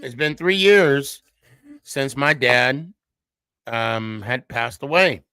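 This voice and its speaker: A middle-aged man talks slowly and earnestly, his voice sitting in an ordinary middle range. He often stops and restarts, his words halting and heartfelt. The sound is dry and close, with no room around it. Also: mid-range voice, bright, forceful tone, smooth, dry recording. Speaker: podcast host. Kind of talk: personal reflective monologue.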